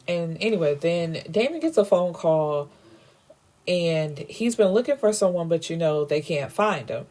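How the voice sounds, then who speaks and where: A woman's voice: lowish voice, animated, unhurried, dark tone. A woman casually retelling a novel's plot, acting out the characters' lines and filling her talk with "you know". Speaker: book reviewer. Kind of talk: casual book recap.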